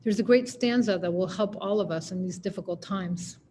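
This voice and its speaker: A woman's voice: medium pitch, a little fast, mellow. Woman poet reading her stuff, wry conversational telling, faint ambient noise behind. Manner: wry, conversational narration with quoted voices. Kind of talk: poetry reading.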